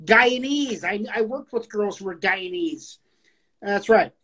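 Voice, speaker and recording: A man's voice: high-pitched, lively intonation, a little slow, pushed and bright, rough recording. A man in his late thirties co-hosting a poetry show in casual chat, rambling with stammered restarts and plenty of swearing. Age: late 30s.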